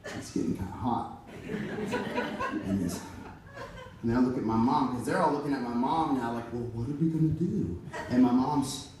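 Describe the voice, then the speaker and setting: Profane, animated male storyteller on stage. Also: medium pitch, moderate pace, long pauses. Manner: animated, profane, playful, talks straight to the audience. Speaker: musician telling stories on stage. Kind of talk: comedic live storytelling. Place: live music venue, on stage. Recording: echoey venue, distant mic, audience noise.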